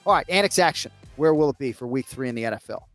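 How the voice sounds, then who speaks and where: An American man hosting a casual sports betting chat, chatty and self-mocking with quick asides. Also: medium pitch, expressive, fairly bright tone, soft background music. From United States. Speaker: host.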